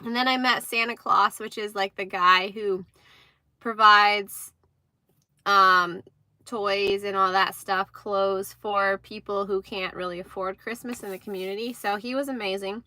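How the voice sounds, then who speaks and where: Young female streamer, chatty storyteller, bright, dry sound. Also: mid-range voice, measured pace, dry recording. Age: young adult. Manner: chatty, animated retelling with acted-out quotes. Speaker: livestream host. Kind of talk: casual livestream storytelling.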